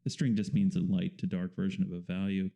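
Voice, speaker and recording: In a casual interview, the guest, a male painter, rambles easily through his explanations with fillers. He has a deep voice with vocal fry and speaks fairly quickly.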